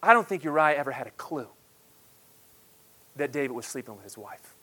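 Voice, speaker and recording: A man in his thirties preaching a sermon, swinging between loud, emphatic declarations and hushed, quiet asides. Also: mid-range voice, expressive, a little fast, husky. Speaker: pastor.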